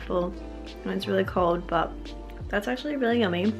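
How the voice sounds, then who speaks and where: An Australian woman around thirty talks to her camera at home in a loose, chatty vlog style, with filler words running all through her sentences. Her voice has a gravelly, creaky texture, and soft music plays faintly underneath. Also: mid-range voice, brisk. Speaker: lifestyle vlogger. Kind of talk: casual vlog narration to camera.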